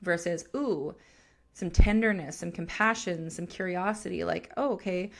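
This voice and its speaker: A woman co-hosting a podcast in casual, profane chat. Her voice is gravelly and sits a little low. She talks bluntly, like a coach who swears and laughs as she goes. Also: normal speed. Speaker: podcast co-host.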